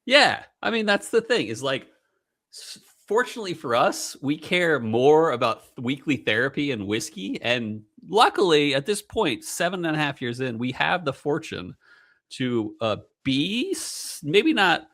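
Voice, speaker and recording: A man's voice: fairly high pitch, big pitch swings, unhurried, fairly bright tone. A man co-hosting a casual whiskey podcast, joking and rambling with plenty of fillers. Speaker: podcast co-host.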